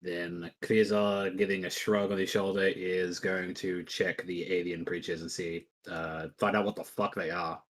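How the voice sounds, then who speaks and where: A man's voice: low-pitched, little pitch movement, measured pace, few pauses, a bit bright. A man playing a tabletop game, rambling and hesitant, stopping often to search for words. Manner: rambling, hesitant, many fillers. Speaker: player. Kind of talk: casual tabletop game play.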